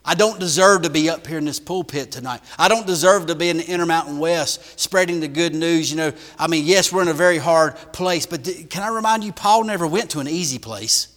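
A man preaching a sermon in a church, shifting from loud emphatic bursts to hushed lines. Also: a little high, fairly quick, hardly any pauses, big-room sound. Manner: emphatic preaching with big swings in volume.

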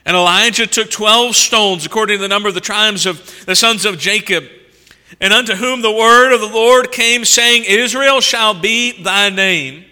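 A man preaching an expository sermon, reading scripture and stopping to comment on it. His voice is high-pitched and smooth, and he moves from forceful emphasis to hushed asides. He sounds like he is in a large church, with a long reverb trailing every phrase. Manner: animated, swings between loud emphasis and quiet asides.

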